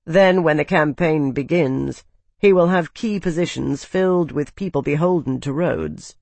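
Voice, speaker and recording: An audiobook narrator reading a fantasy novel in a steady, expressive, dramatic way. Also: medium pitch, a little slow, gravelly, no echo.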